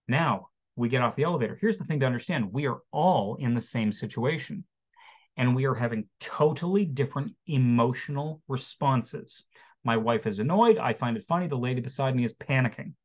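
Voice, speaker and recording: A man in his forties giving a motivational webinar talk as a therapist, lively and acting out quotes and jokes for an online audience. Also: medium pitch. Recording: dull lo-fi webinar audio.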